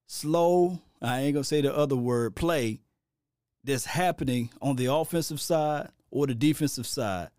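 A middle-aged man giving opinionated casual sports commentary as a host, animated and rambling, repeating himself and adding preachy asides. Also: mid-range voice, no room sound, clean studio sound.

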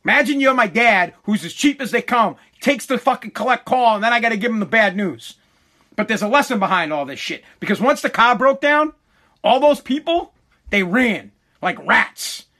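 A man with a high, sharp-edged voice tells a rambling story and swears at every turn. He stumbles, restarts and repeats himself as he pushes ahead, always casual and animated. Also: normal speed. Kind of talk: profane comic storytelling.

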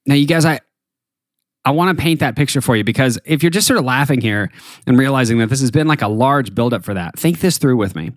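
Man, podcast host, chatty storyteller, mid pitch, dry recording. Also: fast talker, no echo. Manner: chatty, animated storyteller with fillers. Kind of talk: casual storytelling.

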